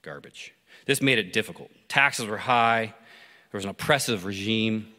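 A man preaching through a story, pausing to ask listeners reflective questions. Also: lowish voice, pushed and bright. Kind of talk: sermon told as a story. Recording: long hall reverb.

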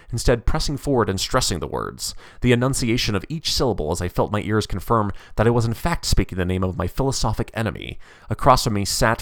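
A man narrating a story in an expressive, rhythmic, rhyming delivery. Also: fairly low pitch, no room sound, studio quality.

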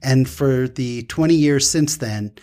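A man's voice: mid-range voice, slow pace, mellow. A man interviewing a guest in casual chat, with stammering restarts. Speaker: interviewer, host.

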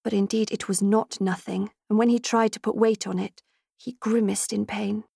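A woman narrating an audiobook in a measured, expressive storytelling manner. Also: medium pitch, vocal fry, slightly rough, dry recording. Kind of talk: scripted narration. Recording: dry close studio sound.

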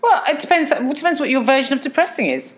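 A woman's voice: sits high, animated, fast. A British woman co-hosting a casual chat, self-mocking and laughing often. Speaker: podcast co-host.

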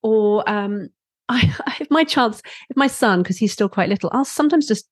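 A woman who works as a parenting instructor, talking as a guest in a podcast interview, playful and quick to laugh. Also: medium pitch, dry recording, studio quality. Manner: playful, laughs easily, animated. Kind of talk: conversational interview.

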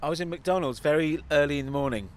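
A man's voice: a little high, fast. A man co-hosting a comedy podcast outdoors, telling rambling, sweary anecdotes in casual banter. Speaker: podcast co-host. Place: outdoors by a road.

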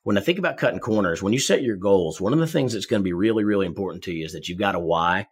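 A man with a husky, slightly low voice explains goal setting to salespeople. He talks in rapid, energetic bursts and often restarts or repeats words. The tone is conversational advice laced with stories. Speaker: sales coach guest.

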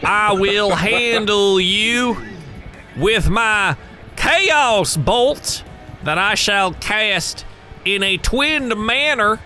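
A man's voice: sits high, lively intonation, extremely slow, sharp tone, faint music behind, voice pushed up, full character voice. A man voicing a hammy, boastful male sorcerer in a purposely terrible Southern drawl during a tabletop game. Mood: grandiose.

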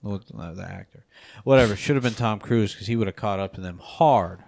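A man with a fairly low voice chats on a movie podcast, full of jokes and swearing. He pokes fun at himself between ratings, and the sound is close and dry with no room around it. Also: fairly quick, creaky, darkish tone, no echo. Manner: joking, profane, self-mocking. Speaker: movie review podcast co-host. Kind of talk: casual chat.

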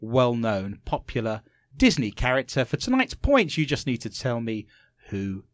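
Animated man hosting a quiz chat. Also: mid-range voice, moderate pace, no echo, clean studio sound. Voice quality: lively, joking, animated delivery. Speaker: quiz host. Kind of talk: casual podcast banter.

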